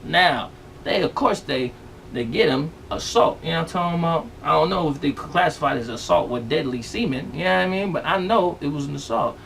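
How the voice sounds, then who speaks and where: A man with a high, gravelly voice that swings widely up and down, rambling through a comedic news rant full of slang. He sits back from the mic, and faint noise hangs behind him. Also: expressive, a little fast, a bit bright, distant mic. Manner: rambling, slangy, keeps asking "you know what I'm talking about". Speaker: vlog host.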